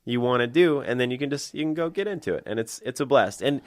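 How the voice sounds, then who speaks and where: A man's voice: mid-range voice, lively intonation, fast talker, no room sound, studio quality. Laid-back man telling rambling stories. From US Midwest. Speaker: comedian guest. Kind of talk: casual podcast chat.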